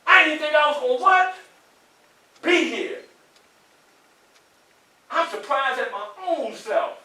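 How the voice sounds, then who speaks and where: A man with a Southern US accent giving a motivational speech to students in a college hall, preachy and animated, often asking the crowd questions. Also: very high voice, slow pace. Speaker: motivational speaker. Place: large echoey college hall. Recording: echoey hall, voice from far off.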